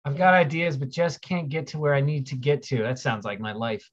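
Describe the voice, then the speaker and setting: Fairly quick and medium in pitch, a man's voice comes through dull lo-fi stream audio. He's hosting a laid-back livestream, reading viewer questions aloud and rambling through his answers.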